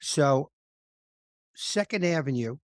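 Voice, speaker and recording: A man co-hosting a podcast interview, telling lively stories and laughing at himself. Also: mid-range voice, slow, no echo, studio quality. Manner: animated storyteller, laughs at himself. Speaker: podcast co-host. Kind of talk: casual interview chat.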